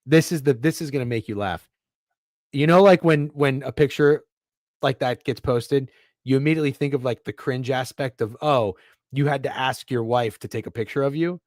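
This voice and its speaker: A man's voice: mid-range voice, normal speed, dry recording, clean studio sound. A man co-hosting a casual sports betting chat, rambling and swearing freely. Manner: profane, animated, rambling. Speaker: podcast co-host.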